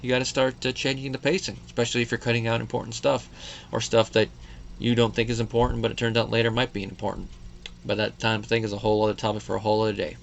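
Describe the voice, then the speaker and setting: A man's voice: medium pitch, level tone, fast, creaky, slight background noise. A man in his thirties talking through a show episode in a casual solo review, chatty and digressive with fillers and quoted asides. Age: 30s.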